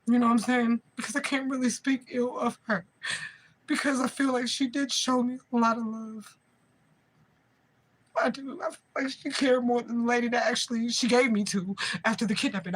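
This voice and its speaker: A woman's voice: medium pitch, a bit bright, slight background noise, rough recording. A woman around forty, a spiritual medium, talking straight to camera in a raw, profane, rambling way, often asking listeners if they follow her. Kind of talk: emotional direct-to-camera vlog.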